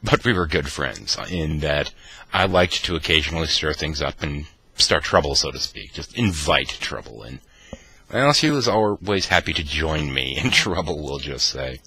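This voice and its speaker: Gravelly deep-voiced man telling a wry story. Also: normal speed, dry recording. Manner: wry, animated, mock-dramatic. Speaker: vlogger. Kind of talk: anecdotal storytelling.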